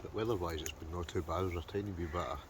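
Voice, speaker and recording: A Scottish man with a very low voice talks loosely to himself and his viewers at a countryside camp. Clear outdoor noise sits behind him, with insects and open-air ambience. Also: racing. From Scotland. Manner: chatty, talking to himself and the camera. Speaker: wild camping vlogger. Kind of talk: casual solo camping vlog. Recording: outdoor recording with background noise.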